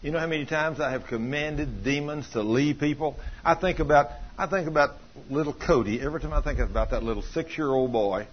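A man's voice: medium pitch, muffled recording, a little hiss or hum. A middle-aged man preaching a fiery sermon, folksy and emphatic, acting out the voices in his stories. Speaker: pastor.

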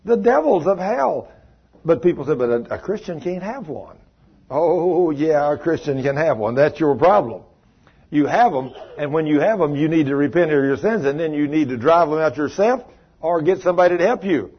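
A man's voice: a little high, lively intonation, moderate pace, slightly rough, highs cut off. A man preaching a fervent sermon in a church, mixing stories with scripture reading. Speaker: pastor.

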